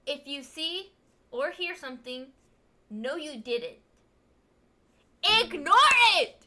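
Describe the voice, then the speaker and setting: A woman's voice: sits high, a little slow, pushed and bright. A woman streaming her reactions to scary videos, chatty and jokey, with exclamations and giggles. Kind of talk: casual reaction commentary.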